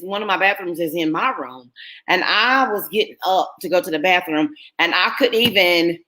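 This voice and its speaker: Earnest bright-voiced woman vlogger. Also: mid-range voice. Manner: earnest, emotional, talks to viewers as y'all. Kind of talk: casual personal storytelling.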